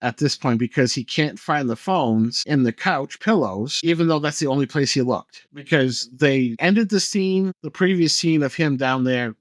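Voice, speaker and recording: A man talking at an ordinary pitch, recapping a horror movie for a podcast in a loose, chatty way. He swears freely and gets animated when something excites him. The sound is dry and close, with no room around him. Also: normal speed, few pauses, no echo. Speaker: podcast co-host. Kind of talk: casual movie recap chat.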